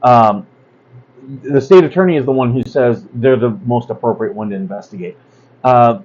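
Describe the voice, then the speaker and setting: A man's voice: medium pitch, darkish tone. Blunt rambling man on a dull lo-fi mic. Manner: blunt, rambling, chatty, with fillers and asides. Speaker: host. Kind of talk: casual livestream talk.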